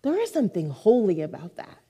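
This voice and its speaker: A woman's voice: mid-range voice, wildly swooping pitch, brisk, mellow, breathy edge. A woman preaching a sermon to her church in a conversational, heartfelt way, with frequent asides. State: near tears for a moment. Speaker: pastor.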